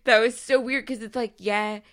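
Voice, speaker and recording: A woman's voice: a little high, moderate pace, clean tone. A young woman co-hosting a podcast, chatting casually and retelling scenes with lots of laughter. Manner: giggly, animated retelling with frequent laughs. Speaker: podcast co-host. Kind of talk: casual chat.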